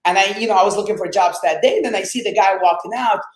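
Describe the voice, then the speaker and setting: A man whose first language is Arabic, telling his story as a podcast guest in a lively, swearing, casual way and acting out quotes. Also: high-pitched, fast talker, echoey room, rough recording. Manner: animated, swears, acts out quotes.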